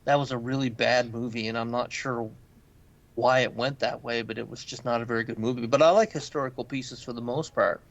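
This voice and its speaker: A man's voice: medium pitch, steady tone, fairly quick, creaky, dull audio. A man co-hosting a casual pop culture podcast, telling loose, profane stories and mimicking the people in them. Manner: loose, swearing storyteller who mimics people. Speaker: podcast co-host.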